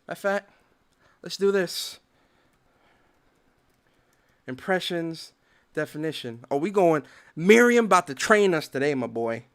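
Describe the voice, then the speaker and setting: A man's voice: fairly high pitch, lively intonation, a little slow, long pauses, a bit bright. A man hosting a gaming podcast, reading definitions aloud and ranting in a heated, profane way. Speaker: podcast host. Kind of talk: gaming commentary rant.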